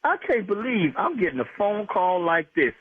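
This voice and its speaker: Indignant man yelling down a phone line. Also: high-pitched, very animated, background noise. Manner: indignant, shouting back fast. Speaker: prank call victim.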